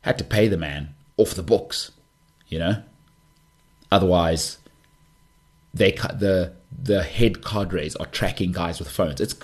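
A man hosting a podcast, talking in a low, husky voice. He rambles through a casual monologue, full of jokey asides and excited outbursts. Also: takes it slowly, long pauses. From South Africa. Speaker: podcast host.

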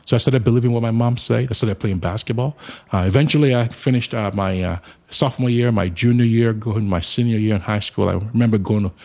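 A middle-aged man from Africa telling his life story as a charity founder in an interview, lively and acting out the people he quotes. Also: on the low side, brisk, vocal fry.

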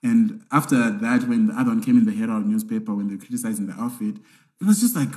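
A man, telling stories as a guest in a casual interview, animated and self-assured. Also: on the low side, quick pace. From Zimbabwe.

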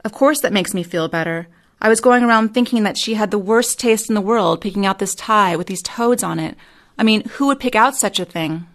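A woman's voice: medium pitch, fairly quick, a bit bright, close to an everyday voice. A woman reading the lines of a wealthy, teasing businessman in a short story. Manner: boastful, teasing. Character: wealthy jovial older businessman.

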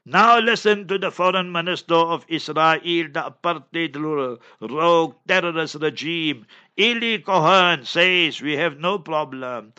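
Male, South African accent, fiery commentator, bright tone, muffled recording. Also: a little high, a little slow. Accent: South African English. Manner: forceful, indignant, mocking quoted voices. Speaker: religious speaker giving commentary. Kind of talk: impassioned commentary on current events.

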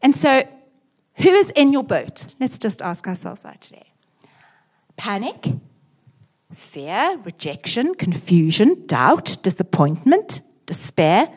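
Woman pastor, husky tone, emphatic sermon delivery that sinks to hushed prayer. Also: high voice. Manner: expressive, shifting from lively emphasis to soft hushed prayer. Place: church.

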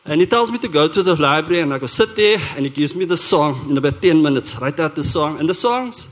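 Man, South African accent, slightly high voice, church sermon testimony, earnest animated storytelling, frequent restarts. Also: fast. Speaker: worship leader giving a testimony. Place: church service.

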